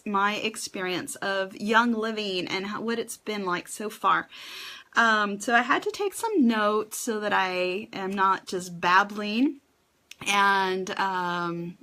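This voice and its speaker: A woman hosting her first live stream for an essential oils class, chatty and a little nervous, with many ums as she greets viewers. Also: medium pitch. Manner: chatty, warm greetings to viewers, filler-heavy.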